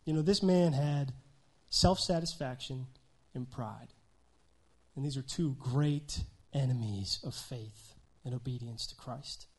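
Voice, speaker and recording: A man preaching a sermon in a conversational style, often checking in with "right?" and swinging between loud emphasis and quiet asides. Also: mid-range voice, slow, husky. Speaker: pastor.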